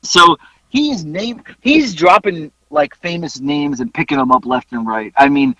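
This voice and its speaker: A man with a high, bright voice and a husky edge tells a story on a podcast. His pitch jumps around as he talks, and he swears and laughs his way through the tale. The sound is dry and close. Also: animated, a little slow, dry recording, dull audio. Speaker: podcast host. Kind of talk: casual storytelling chat.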